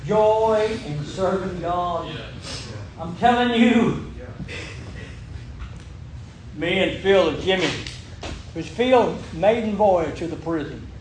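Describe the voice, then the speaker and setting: A man's voice: sits high, lively intonation, slow pace, pauses often. An older man, telling ministry stories in a folksy, chuckling, repetitive way. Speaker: ministry worker. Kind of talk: folksy testimony storytelling. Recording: echoey room with background noise.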